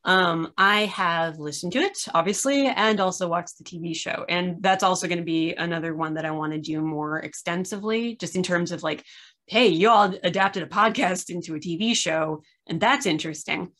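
A woman's voice: on the low side, normal speed, a bit bright. Rambling, tired woman host. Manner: rambling, many fillers. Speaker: podcast host. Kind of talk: casual discussion. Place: her room at home.

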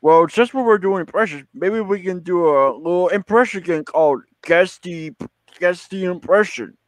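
A man's voice: high-pitched, moderate pace, no room sound, lightly acted, poor audio. A man voicing Woody, a goofy, eager male cowboy toy, talking in an upbeat, playful way.

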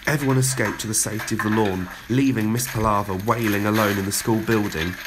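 A man reading a children's story aloud with expressive, dramatic narration. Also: fairly low pitch, fast talker, background noise.

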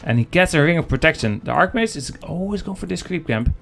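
A man's voice: a little high, expressive, brisk, gravelly, fairly bright tone, faint music behind. A man casting a live strategy game match, joking and chatting with his viewers. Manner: joking, chatty, talks to the chat. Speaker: game caster. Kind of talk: live esports commentary.

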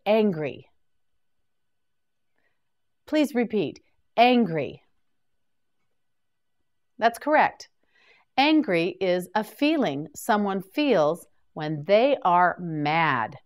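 A woman teaching English vocabulary in a slow, scripted lesson, saying each word clearly and prompting the listener to repeat it. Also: mid-range voice. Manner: clear, deliberate drilling with repetition prompts.

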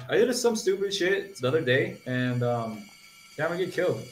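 A laid-back stranger on a video chat, teasing and lively in pitch. The voice rings in an echoey room. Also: normal speed, soft background music.

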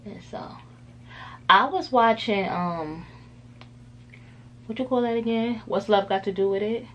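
A woman's voice: medium pitch, a little slow, fairly bright tone, slight background noise. A woman beauty vlogger chatting casually through a makeup tutorial, rambling with lots of filler words.

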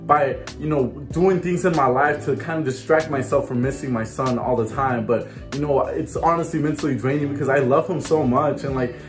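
A Chicago man in his twenties vlogs from indoor rooms at home, talking to camera in a chatty, emotional way. His voice is on the high side and sounds reverberant.

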